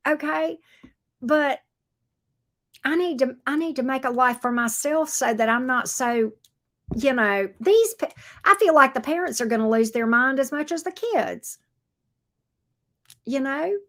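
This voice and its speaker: A woman's voice: high-pitched, lively intonation, a little slow, pauses often, a bit bright. A woman, hosting a casual tarot livestream, talking bluntly and reading viewer comments aloud. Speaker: tarot reader livestream host.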